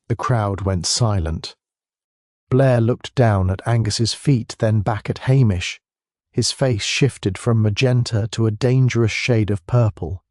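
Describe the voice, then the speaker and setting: A man narrating a mystery audiobook in a steady, measured way. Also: on the low side, dry recording, clean studio sound. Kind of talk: scripted narration.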